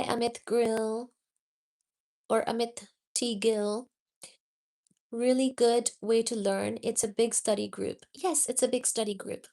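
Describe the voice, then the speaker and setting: Chatty woman hosting a livestream study. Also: fairly high pitch. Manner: chatty, loose explanations full of "you know"; greets viewers one by one from the chat. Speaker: host of a live physics study stream. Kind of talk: casual livestream teaching and chat reading.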